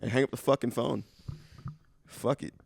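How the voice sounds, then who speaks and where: A man's voice: medium pitch, fairly even intonation, normal speed, vocal fry. A man co-hosting a podcast in casual chat, teasing and profane, giving blunt advice and laughing often. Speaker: podcast co-host.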